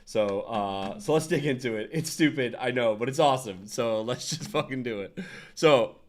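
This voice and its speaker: A man's voice: mid-range voice, moderate pace. A young man hosting a casual design livestream, rambling and laughing as he chats with viewers. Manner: rambling, restarts, frequent laughs and asides to chat. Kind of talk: casual livestream chat and tutorial.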